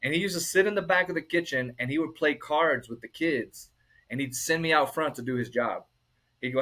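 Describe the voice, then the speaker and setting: A man's voice: mid-range voice, fairly quick, low-quality recording. A middle-aged man, a restaurant owner, telling stories in a casual interview and acting out the people he quotes. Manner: animated, acts out quoted people.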